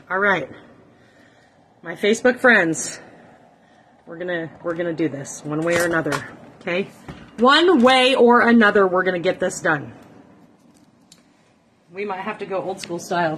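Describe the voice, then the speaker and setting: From her small home kitchen, a middle-aged woman hosts a live cooking stream, chatting casually to viewers and poking fun at herself while sounding exasperated by her setup and her phone recording. Her voice is lowish and sharp in tone, with a little hiss or hum over a rough recording.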